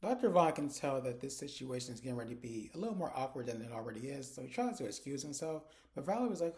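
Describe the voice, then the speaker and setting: A man's voice: mid-range voice, very animated, fast talker, few pauses, darkish tone. A man casually recapping a TV episode in a chatty, conversational way. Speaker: TV episode reviewer.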